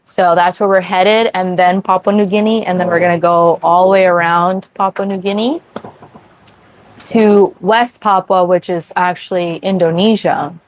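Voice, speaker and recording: A young woman hosting a casual livestream from her sailboat at sea, chatty, full of "like" fillers and quick laughs. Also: on the low side, fairly even intonation, rough recording. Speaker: sailing livestream host. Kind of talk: casual livestream chat with viewers.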